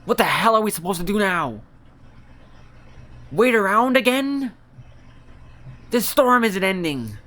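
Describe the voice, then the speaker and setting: A man voicing a furious shouting companion. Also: sits high, big pitch swings, a little slow, pauses often, pitched above the performer's own voice, exaggerated voice. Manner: shouting, raised.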